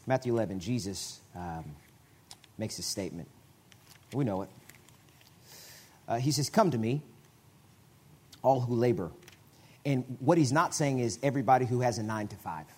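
Husky-voiced man preaching a sermon. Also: medium pitch, animated, normal speed, pauses often. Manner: conversational preaching with repeated restarts and sudden loud bursts. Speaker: guest preacher.

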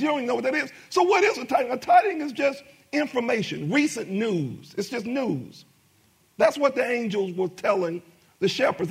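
A man's voice: very high-pitched, very animated, moderate pace, gravelly, slightly rough. A middle-aged man preaching a sermon as pastor, with emphatic rising bursts and many repetitions.

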